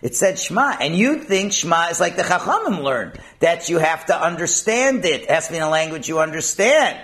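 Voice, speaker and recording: Guy teaching talmud, kinda high voice that swings up and down a lot, keeps asking himself questions. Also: fairly quick. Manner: animated, asks and answers his own questions; mixes in Hebrew and Aramaic terms. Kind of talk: explaining a Talmud passage.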